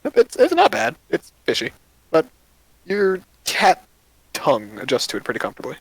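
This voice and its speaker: A man's voice: a little high, huge pitch swings, moderate pace, gravelly, slightly rough, dry recording, poor audio. A man narrating as game master of a tabletop game, casual and rambling with fillers.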